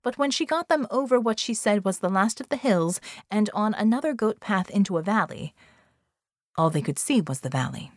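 A woman narrating an adventure audiobook in a steady, even storytelling manner. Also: medium pitch, normal speed, dry recording, studio quality. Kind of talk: scripted narration.

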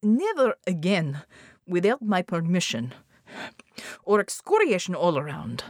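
A woman voicing a gruff male team leader for an audiobook, speaking stern, broken English. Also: lowish voice, sing-song, a little slow, darkish tone, no room sound, clean studio sound.

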